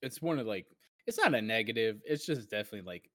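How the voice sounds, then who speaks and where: A man's voice: lowish voice, expressive, quick pace, a bit bright, no echo. A man co-hosting a casual gaming podcast, rambling and acting out his own past reactions as he tells a story. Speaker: podcast co-host.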